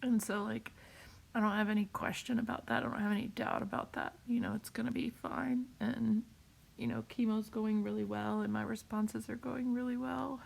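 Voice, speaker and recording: A woman talking on a live video while crying, in a halting way, repeating herself and laughing through her tears. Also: on the high side, flat delivery, vocal fry. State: tearful, crying. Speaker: vlogger sharing a cancer update. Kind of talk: emotional live video talk.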